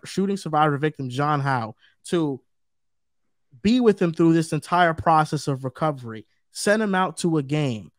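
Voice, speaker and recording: A man's voice: on the high side, no room sound, studio quality. A man co-hosting a sports debate show, talking emphatically and repeating his points for stress. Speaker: co-host.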